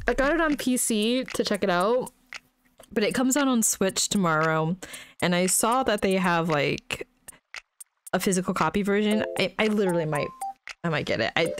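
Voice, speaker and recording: A woman's voice: on the low side, background noise. A young woman streaming a video game, chatting casually, laughing often and reading dialogue aloud. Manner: giggly, excitable, often laughing. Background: game music.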